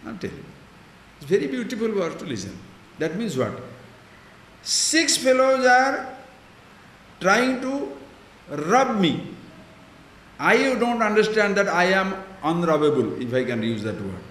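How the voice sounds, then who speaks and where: A man's voice: high voice, sing-song, measured pace, pauses often, fairly bright tone, roomy sound, slight background noise. A male spiritual teacher giving a discourse, explaining Sanskrit terms and questioning his listeners.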